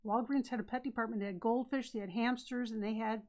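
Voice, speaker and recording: A woman's voice: a little high, fairly even intonation, fast, a little mellow. A woman co-hosting a live stream in casual chat. She tells stories and often jumps in while her co-host talks. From Idaho, USA. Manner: chatty storyteller, jumps in often.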